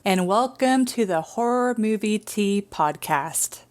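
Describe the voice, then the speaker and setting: A woman's voice: mid-range voice, lively intonation, slow pace, a little mellow. A woman co-hosting a casual podcast, chatty and laughing often, thinking aloud with restarts. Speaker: podcast co-host.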